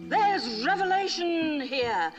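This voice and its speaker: An actress playing a dramatic fortune teller in a 1960s film, speaking slowly and ominously. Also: female voice, high-pitched, expressive, music in the background. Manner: slow, theatrical, ominous.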